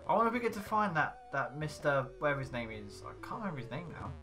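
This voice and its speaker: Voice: medium pitch, very animated, fast. A let's play host giving casual gameplay commentary in a chatty way, reading game text aloud in playful voices. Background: game music.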